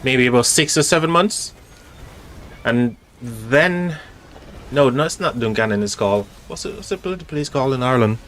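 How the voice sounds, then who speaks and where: A man's voice: medium pitch, lively intonation, normal speed, a bit bright, a little hiss or hum. Chatty male live-streamer talking to chat. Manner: chatty, rambling, talks directly to chat with many fillers. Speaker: live-stream host spectating a strategy game. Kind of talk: casual live-stream commentary.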